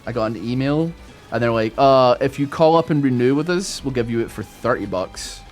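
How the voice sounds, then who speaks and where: Rambling, swearing gamer over faint music. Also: male voice, mid-range voice, moderate pace. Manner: rambling, animated storytelling with frequent swearing. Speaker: gaming YouTuber. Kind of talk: casual gameplay commentary.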